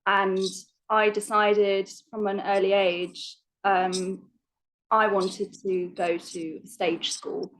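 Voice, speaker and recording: A woman's voice: mid-range voice, flat delivery, takes it slowly, poor audio. A young woman with a London English accent talks easily as a guest in a casual interview. She is chatty and self-deprecating, laughing often as she answers. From London, England. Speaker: actress guest.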